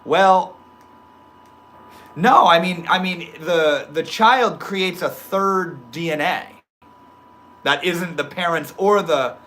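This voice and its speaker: A young man hosts a relaxed livestream at his desk, reading viewers' comments aloud and answering in easygoing slang. His voice is bright and a little sharp, sinking to soft murmurs and then jumping to loud, excited exclamations. A faint background hum sits under the room. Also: high voice, takes it slowly, pauses often. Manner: swears casually, laid-back stoner slang. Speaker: livestream host reading chat. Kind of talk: casual livestream chat.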